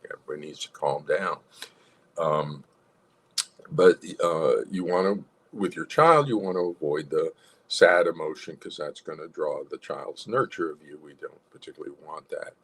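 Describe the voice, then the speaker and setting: Male therapist guy on a livestream, gravelly husky voice, lively pitch, acts out tones. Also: moderate pace. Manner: animated, demonstrates tones of voice, chuckles. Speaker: psychologist hosting a livestream. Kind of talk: instructional livestream talk.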